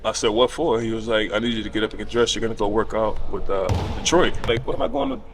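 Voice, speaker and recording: A man's voice: fairly low pitch, quick pace, vocal fry. A man in his thirties, a podcast guest telling a casual story and acting out the people in it, cursing freely. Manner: animated retelling with quoted voices, casual cursing.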